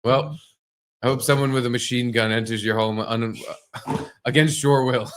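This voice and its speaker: Deadpan teasing man podcast host. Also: mid-range voice, normal speed. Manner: mock-mean teasing, deadpan. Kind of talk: comedic podcast banter. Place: bar.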